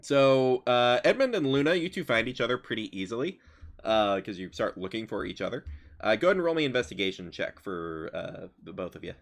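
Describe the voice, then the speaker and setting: A man's voice: mid-range voice, big pitch swings, fairly quick, creaky. A man narrating as game master in casual chat, with many fillers.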